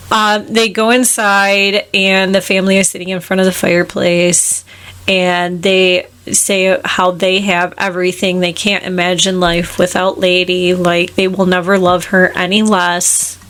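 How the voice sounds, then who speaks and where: A woman co-hosting a podcast, retelling a film's plot in casual chat and dropping into quick quoted voices for the characters. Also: fairly low pitch, level tone, a bit bright. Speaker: podcast co-host. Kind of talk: casual film recap chat.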